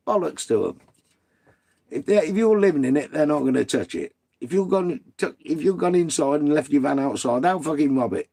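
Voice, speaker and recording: A man's voice: on the high side, animated, a little fast, vocal fry, dark tone. A British man hosting a live stream, chatting casually with viewers and reading out their comments in a blunt, sweary, ranting way.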